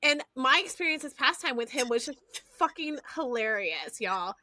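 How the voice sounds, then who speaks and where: Animated woman with a drawl. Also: sits high, normal speed, no room sound. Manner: animated storyteller, swears freely, addresses listeners as y'all. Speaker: podcast host. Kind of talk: casual chat.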